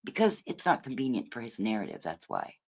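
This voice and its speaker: A woman's voice: rumbling low, huge pitch swings, fairly quick, creaky, slightly rough. A woman hosting a livestream, rambling and swearing through a casual rant, often restarting her words and swinging between emphatic lines and muttered asides. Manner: profane, rambling, self-correcting. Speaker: livestream host. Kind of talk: casual ranting commentary.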